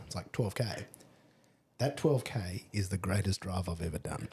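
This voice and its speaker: Low-pitched and sing-song, with a slightly mellow tone and moderate pace, this Australian man co-hosts a podcast. Over beers he casually tells travel stories in a laid-back way, swearing here and there.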